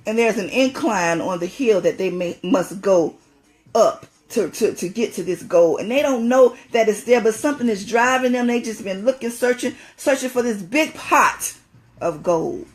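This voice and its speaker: A woman's voice: medium pitch, lively intonation, normal speed, soft background music. A woman giving an impassioned spiritual talk, emphatic and preachy, repeating phrases for stress.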